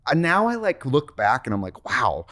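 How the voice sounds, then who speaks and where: A man hosting a podcast, chatting casually with quick joking reactions. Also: on the high side, sing-song, a bit bright, dry recording, clean studio sound. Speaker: podcast host.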